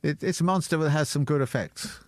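An older man answering interview questions as a scholar, thoughtful, with halting restarts and easy laughter. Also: a little high, a little mellow, dry recording, clean studio sound. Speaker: guest scholar.

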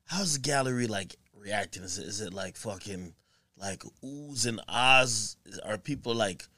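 A man's voice: on the low side, lively intonation, measured pace, bright, forceful tone, no room sound, studio quality. A man hosting a podcast, asking questions in loose, casual chat, with swearing and stammered restarts. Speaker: podcast host.

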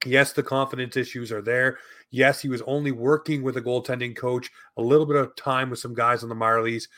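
A man talks through his hockey opinions in a solo commentary. He is emphatic and argumentative, hammering his points home with repeated phrases, in a voice of ordinary pitch. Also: fairly bright tone. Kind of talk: opinionated sports commentary monologue.

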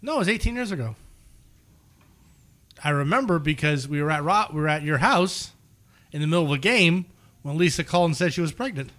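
A man's voice: fairly high pitch, expressive, brisk, pauses often, fairly bright tone. A man bantering casually with friends, laughing often and teasing.

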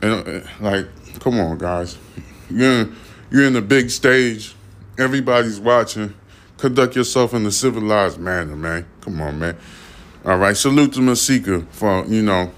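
A man's voice: lowish voice, normal speed, a bit bright. A man hosting a podcast, giving blunt, profane commentary full of fillers and repeats. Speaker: podcast host. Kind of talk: casual commentary.

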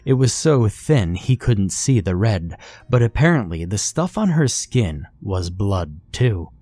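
Brief: male horror-story narrator; slow, measured delivery, somewhat low voice. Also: very animated, warm tone, no echo.

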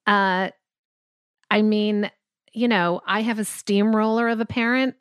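A woman's voice: medium pitch, steady tone, measured pace, clear, resonant tone, no room sound, studio quality. A middle-aged woman co-hosting an advice podcast, talking casually and directly to a listener. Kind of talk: casual chat, giving advice.

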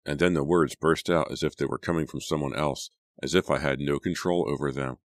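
A man narrating a teen thriller audiobook with steady, dramatic pacing. His voice sits very low, and the recording is dry and close with no room sound. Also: a little fast, dry recording. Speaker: audiobook reader.

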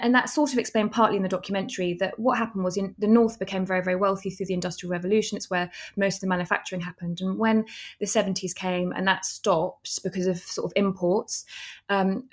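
A woman, a documentary filmmaker, answering interview questions in an earnest, explanatory way. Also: mid-range voice.

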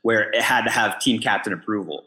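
A man co-hosting a casual podcast, telling a story in an animated way and often repeating words as he goes. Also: fairly low pitch, fairly quick. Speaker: pickleball pro and podcast co-host.

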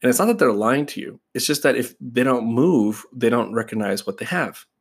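A man's voice: mid-range voice, lively intonation, fairly quick, husky. A man teaching other practitioners in a casual, conversational way, talking straight to his listeners. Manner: conversational, addresses listeners as "guys", acts out client exchanges. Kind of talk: casual instructional talk.

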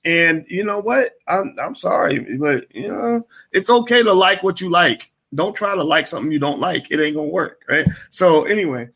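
Male host, bright timbre, chatty anecdotal monologue with animated voices and filler words. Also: high voice, normal speed, vocal fry, few pauses, breathy edge. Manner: storytelling with animated put-on voices and frequent fillers. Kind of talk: casual late-night monologue.

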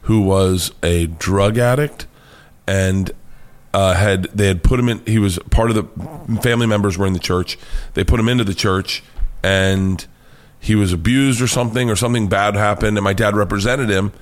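Animated man telling a story. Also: on the low side, normal speed. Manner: animated storyteller, swears freely, acts out quotes loudly. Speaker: comedian guest. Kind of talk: storytelling in a casual interview.

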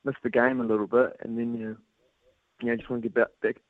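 Kiwi guy phoning in, relaxed and chatty, tinny phone sound, dry. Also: medium pitch, quick pace, no room sound. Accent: New Zealand. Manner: relaxed, laughing, easygoing with filler words. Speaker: guest athlete calling in. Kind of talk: casual radio interview. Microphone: phone call.

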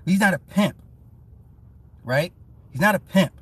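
A man's voice: high voice, animated, unhurried, fairly bright tone, slightly rough. A man casually ranting to his live chat, teasing and profane, laughing often as he mocks someone. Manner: mocking, petty storytelling. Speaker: live-stream commentator.

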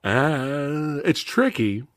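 A man's voice: a little high, very slow, dry recording, studio quality. A man hosting a horror movie review podcast, chatting casually and telling stories with frequent laughter. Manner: chatty, animated storyteller who laughs often. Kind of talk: casual chat.

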